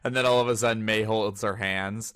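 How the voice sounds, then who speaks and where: Bright, dry-sounding young man swearing excitedly. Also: lowish voice, fairly quick, clear, resonant tone, no room sound. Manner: profane, excitable, breaks into mock character voices. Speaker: podcast co-host. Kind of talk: casual chat reading manga aloud.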